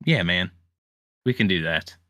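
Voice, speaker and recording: Bright-voiced man playing a tabletop game. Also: low-pitched, expressive, no echo, dull audio. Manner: halting, thinks aloud with uhs. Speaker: player. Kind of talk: casual tabletop game chat.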